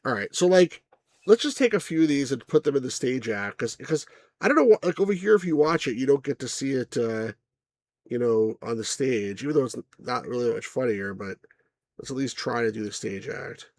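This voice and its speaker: Man reviewing an old game, casual rambling talk, chuckles, mid-pitched, dry close sound. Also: lively intonation, brisk, darkish tone, dry recording. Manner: rambling, chuckling, many restarts and asides to viewers. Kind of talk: casual gameplay commentary.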